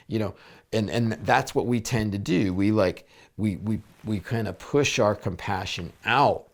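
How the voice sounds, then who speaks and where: A man talking as a therapist and spiritual coach in a reflective video blog, gentle and searching, with many fillers and restarts. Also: lowish voice, a little slow.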